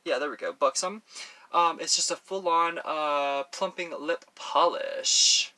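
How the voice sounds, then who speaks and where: A man from Texas rambles casually to camera as he does his makeup, talking in a slightly high, bright voice full of fillers and restarts. He is recorded on a professional mic. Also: slow. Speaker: beauty vlogger. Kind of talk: casual chat while doing makeup. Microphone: professional audio on camera.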